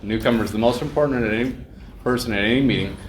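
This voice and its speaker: Guy reading a recovery text fast, steady, in a boomy room. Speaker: meeting reader. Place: meeting hall. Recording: echoey meeting room with background noise.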